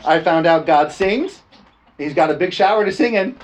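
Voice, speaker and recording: A man's voice: fairly high pitch, expressive, moderate pace. A man preaching a storytelling sermon in a folksy, laughing way, often tossing "amen?" to the congregation.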